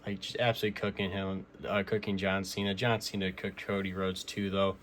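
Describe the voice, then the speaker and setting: Young male vlogger, low-pitched and casual, excitable recap delivery full of "uh" and "like", faint hiss behind him. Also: fairly quick. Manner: excited, rambling with many fillers and restarts. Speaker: wrestling figure collector recapping the week.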